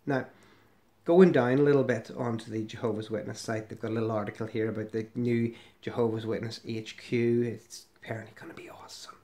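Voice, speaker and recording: A man's voice: mid-range voice, steady tone, fairly quick, warm tone. A middle-aged man giving casual, sarcastic commentary as he scrolls through a website, rambling with fillers and restarts. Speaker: ex-member commentator.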